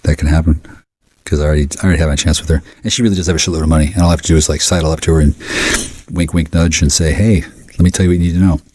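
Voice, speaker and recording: A man's voice: extremely low pitch, level tone, racing, a little mellow, slightly rough, no echo. A man ranting angrily and rambling, jumping between subjects and cursing a lot. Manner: angry, scattered, cursing. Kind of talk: rambling profane rant to camera.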